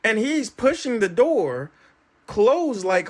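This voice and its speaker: Lively man telling a wild story. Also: high-pitched, unhurried. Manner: animated, acts out quoted voices. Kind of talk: casual storytelling.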